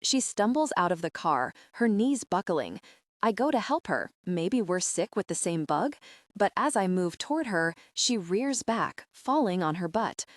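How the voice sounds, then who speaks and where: A woman narrating a young adult audiobook in the first person, steady and even. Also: medium pitch, measured pace, no room sound, clean studio sound.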